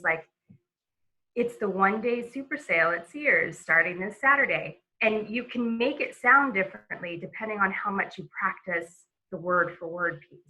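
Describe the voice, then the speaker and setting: Bright-voiced woman teaching a webinar. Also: mid-range voice, rough recording. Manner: conversational, with many fillers and restarts. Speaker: presenter. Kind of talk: webinar lesson.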